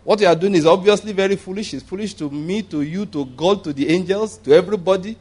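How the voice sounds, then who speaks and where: Animated preacher, high-pitched man. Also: fast talker, husky. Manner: conversational and humorous, chuckling at his own jokes; animated, jumping up in pitch for emphasis. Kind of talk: sermon.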